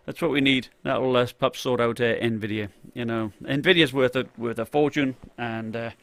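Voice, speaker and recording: A man's voice: medium pitch, steady tone, normal speed, vocal fry, dry recording. Rambling male tech streamer, dry sound. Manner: rambling, lots of fillers and restarts; reads out and greets viewers from chat. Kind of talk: live-stream chat.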